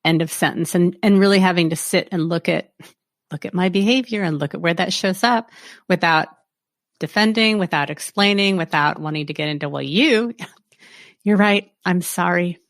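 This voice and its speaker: A woman hosting a podcast interview, reflective and candid, often laughing softly. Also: lowish voice, brisk, dry recording, studio quality. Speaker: podcast host.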